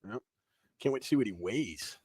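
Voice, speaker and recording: A man co-hosting a podcast, telling crude, animated stories in a casual chat. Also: mid-range voice, normal speed, breathy edge, dry recording, studio quality. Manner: animated, profane storytelling with laughs. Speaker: podcast co-host.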